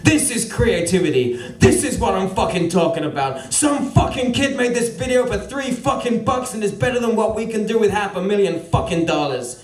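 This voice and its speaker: A man voicing an angry, foul-mouthed American record executive with a put-on American accent, shouting and swearing. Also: high-pitched, expressive, moderate pace, hardly any pauses, reverberant, far from the mic, pitched above the performer's own voice. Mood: emphatic.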